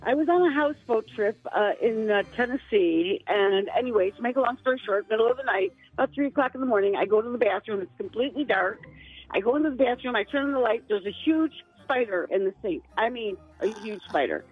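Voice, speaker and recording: Female radio caller, husky, slightly high, plain storyteller, thin phone audio. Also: lively intonation, fast, faint music behind. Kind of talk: casual storytelling on a call-in show. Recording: tinny phone line.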